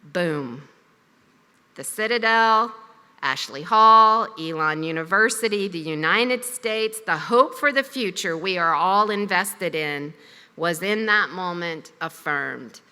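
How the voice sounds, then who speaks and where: A woman giving a formal commencement speech at a podium in a ceremony hall, with a measured, deliberate delivery. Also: fairly low pitch, lively intonation, bright, forceful tone, clear, resonant tone. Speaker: commencement speaker. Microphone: podium microphone. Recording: long reverb of a large hall.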